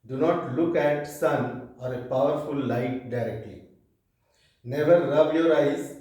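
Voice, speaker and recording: Male teacher, Indian English accent, dark mellow voice, far from the mic in an echoey room. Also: mid-range voice. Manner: slow, reads aloud from a textbook with pauses and fillers. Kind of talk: classroom lecture.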